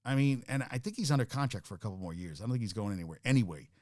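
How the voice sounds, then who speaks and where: A man's voice: lowish voice, lively intonation, very fast, darkish tone, no room sound, studio quality. A man hosting a sports talk show, ranting casually and profanely, worked up and full of restarts.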